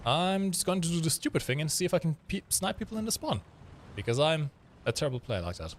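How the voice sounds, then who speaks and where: Lively dry-humored man commentating gameplay. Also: a little high, fast, a little hiss or hum. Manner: dry joking, explains mechanics while playing. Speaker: stream co-host playing the game.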